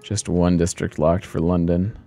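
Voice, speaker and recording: Low-voiced man thinking aloud over gameplay. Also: little pitch movement, measured pace, mellow, faint music behind. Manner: thinking aloud, self-mocking, laughs often. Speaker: let's play host. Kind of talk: casual gameplay commentary.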